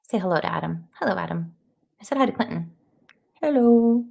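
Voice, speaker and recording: Chatty woman streamer with gravelly fry. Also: fairly low pitch, animated, fast talker, muffled recording. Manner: chatty, rambling, frequent fillers, greets viewers. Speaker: streamer hosting an AI text adventure. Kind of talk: casual live-stream chat.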